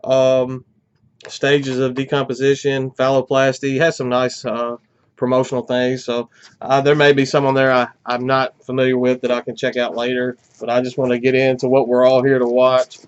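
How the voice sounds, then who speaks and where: A man's voice: medium pitch, monotone, moderate pace, clean tone, lo-fi sound. Congested man rambling through an unboxing. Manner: rambling, many "uh" fillers. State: congested, a little out of breath. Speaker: metal music channel host. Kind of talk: casual unboxing chat. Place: at home.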